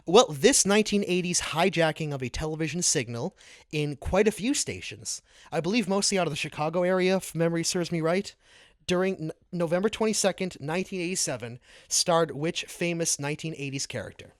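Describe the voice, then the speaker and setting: A man's voice: on the high side, brisk, no echo, studio quality. Quiz-hosting New England man. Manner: quizzing, tells stories. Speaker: podcast co-host. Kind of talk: casual chat.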